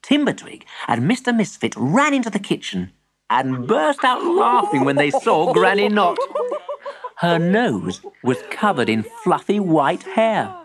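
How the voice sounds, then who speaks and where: A woman reading a children's story aloud with lively storytelling. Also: fairly low pitch, unhurried, breathy edge.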